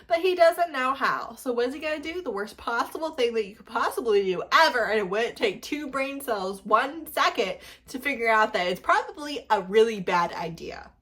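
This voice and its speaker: Exasperated woman ranting with lively pitch. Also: normal speed, few pauses. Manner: exasperated, incredulous, emphatic repetition. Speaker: book reviewer reacting to videos. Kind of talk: reaction rant.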